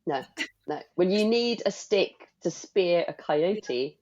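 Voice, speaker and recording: A woman's voice: lowish voice, expressive, slow, darkish tone, highs cut off. A woman co-hosting a book club podcast, chatting casually with wry, playful asides. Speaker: podcast co-host.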